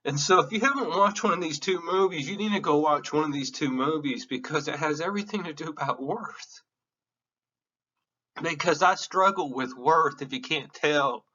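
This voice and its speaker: A man's voice: a little high, normal speed, sharp tone, distant mic, dull audio. A man giving an emotional, earnest classroom lecture, candid and sometimes swearing. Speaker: teacher.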